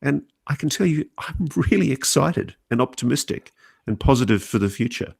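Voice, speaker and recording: A middle-aged Australian man, an author answering interview questions in an earnest, measured way that sometimes halts and restarts. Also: medium pitch, expressive, creaky, breathy edge. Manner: earnest, measured, slightly halting. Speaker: guest author.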